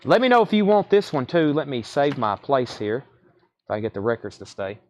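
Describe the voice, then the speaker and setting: A man's voice: medium pitch, big pitch swings, brisk, darkish tone, highs cut off. A man hosting a live record sale stream, rattling off titles and prices with casual asides. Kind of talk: live sales stream chat.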